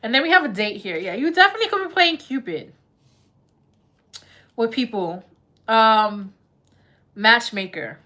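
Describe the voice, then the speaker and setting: Woman, tarot reader, live reading, chatty, laughs a lot, slangy, bright tone. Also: fairly high pitch, animated, a little slow, long pauses.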